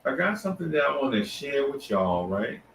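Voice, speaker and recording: A man's voice: mid-range voice, very animated, a little fast, far from the mic, a little hiss or hum. A man hosting a casual live stream, greeting viewers one by one and talking loosely with many restarts. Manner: loose, repetitive shout-outs with restarts and fillers. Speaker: livestream host. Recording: echoey room, voice set back from the mic.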